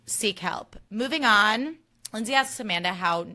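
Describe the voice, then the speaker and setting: A woman's voice: medium pitch, animated, measured pace, pushed and bright. A young woman hosting a podcast, giving a casual recap in an emphatic, ranting style and swearing freely. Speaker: podcast host.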